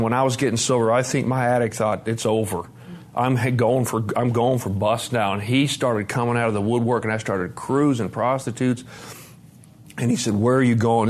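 A middle-aged man telling his own story at a recovery conference, candid and self-deprecating, swearing freely and dropping low and quiet on heavy points. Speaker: recovery meeting speaker. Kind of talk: personal testimony talk. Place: conference meeting room with live audience.

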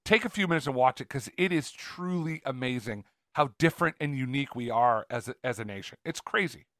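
A man from Northern California co-hosting a podcast, telling stories in an animated, rambling way. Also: mid-range voice, brisk, no echo, studio quality. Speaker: podcast co-host. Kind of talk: casual chat.

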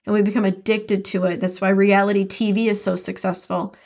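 A woman hosting her own podcast and talking alone, earnest and reflective, drawing out key words slowly for emphasis. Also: mid-range voice, level tone, a little mellow. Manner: earnest, reflective, speaks with slow emphatic stresses. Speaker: podcast host. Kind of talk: solo podcast commentary.

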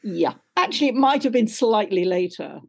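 A woman's voice: a little high, expressive, normal speed, a little mellow. A woman talking on a video call as a guest actor. She laughs often and is chatty and self-deprecating. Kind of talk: casual interview chat.

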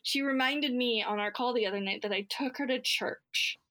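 A woman with a bright, sharp voice and fairly high pitch talks through her memories on a podcast. She is earnest and reflective and reacts quickly to her co-host. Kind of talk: casual conversation.

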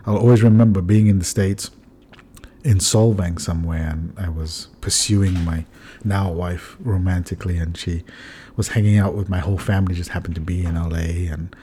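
A man in his forties from South Africa with a South African accent, a priest chatting on a podcast in a lively, slangy way. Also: low-pitched, normal speed, a little hiss or hum. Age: 40s. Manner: lively, slangy, breaks into song. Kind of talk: casual podcast chat.

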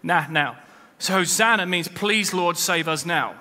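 Male pastor preaching, sharp bright voice, pitched up, church reverb trailing off. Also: unhurried. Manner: preaching with rising emphasis and quoted scripture. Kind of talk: sermon. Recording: long hall reverb.

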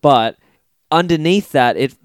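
A man co-hosting a casual film discussion podcast, talking in an animated, excitable way with frequent swearing and quick reactions. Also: on the high side, no echo, clean studio sound. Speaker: podcast co-host.

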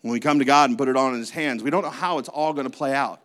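A man's voice: mid-range voice, fast, fairly bright tone. A man preaching a sermon as a pastor, with a conversational manner, lots of rhetorical questions and playful asides.

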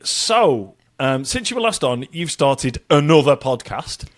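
A man's voice: mid-range voice, big pitch swings, a little slow. A man co-hosting a podcast, chatting playfully and laughing as he teases his co-host and guest. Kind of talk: casual podcast chat.

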